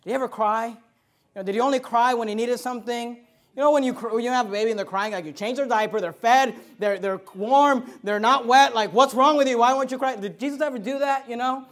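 A man's voice: very high voice, a little fast. A man preaching a sermon as a pastor, in an emphatic, conversational way with frequent restarts.

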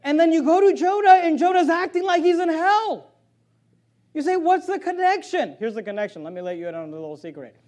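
A man preaching a sermon, reading scripture aloud with loud swells and sudden drops. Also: very high-pitched, expressive, fairly quick. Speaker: pastor.

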